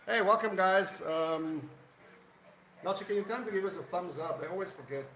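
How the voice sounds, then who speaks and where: A man's voice: high-pitched, normal speed, bright, forceful tone, echoey room, poor audio. A man hosting a casual live stream, rambling and greeting viewers by name. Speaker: livestream host.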